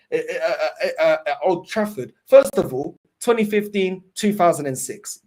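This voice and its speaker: A furious football fan host, on a heated rant straight to camera. The voice leaps up and down wildly and sounds somewhat husky. Points get hammered home again and again, with plenty of swearing. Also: medium pitch, animated, normal speed, hardly any pauses, darkish tone.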